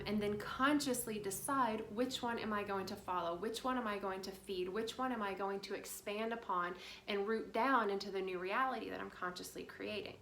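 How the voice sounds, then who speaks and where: A woman rambles through a casual spiritual talk, full of fillers and loose asides. Her voice rings in a roomy space with a faint hiss behind it. Her pitch sits in the middle for a woman. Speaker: spiritual guide. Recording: roomy with faint background noise.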